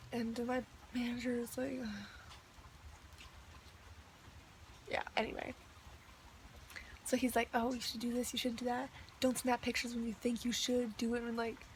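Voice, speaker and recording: A woman's voice: on the high side, slight background noise. A young woman ranting in a video diary, chatty and exasperated, with lots of "like". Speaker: vlogger.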